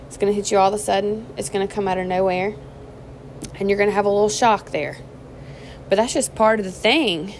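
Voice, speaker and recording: A young woman talks to her viewers like old friends, folksy and chatty as she mixes faith encouragement with everyday stories. Her voice sits at an ordinary middle pitch. A constant hum of background noise runs under the recording. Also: darkish tone. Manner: chatty, folksy, addresses listeners as y'all. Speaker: Christian vlogger and mother. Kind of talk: casual faith-based encouragement and storytelling.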